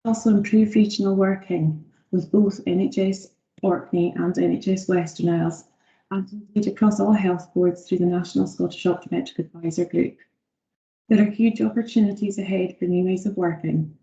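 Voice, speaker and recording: A woman's voice: lowish voice, fairly even intonation, normal speed, mellow. A woman giving a formal presentation as optometry lead to a health board, reading prepared text with some fillers. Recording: echoey dull video call audio.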